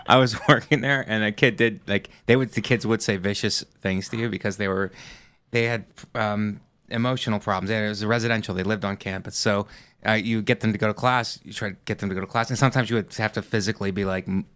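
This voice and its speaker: A man's voice: lowish voice, fairly even intonation, fast talker, a bit bright. A man in his forties from Ohio, a comedian guest telling rambling stories in casual podcast chat and often laughing. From Ohio, USA.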